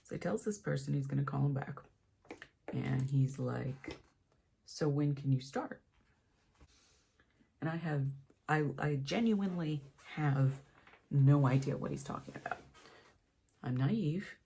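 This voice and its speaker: A woman's voice: low-pitched, measured pace, gravelly, long pauses, a little hiss or hum. A young woman beauty vlogger doing her makeup while telling a story, acting out the voices of the people in it. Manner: animated storyteller, acts out quoted voices.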